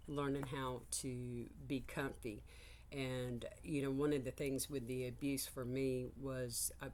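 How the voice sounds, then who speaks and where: A woman's voice: very deep voice, darkish tone, a little hiss or hum. An older woman, a psychic reader talking through her thoughts in a meandering, frank way, swearing casually. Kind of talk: casual spiritual vlog monologue.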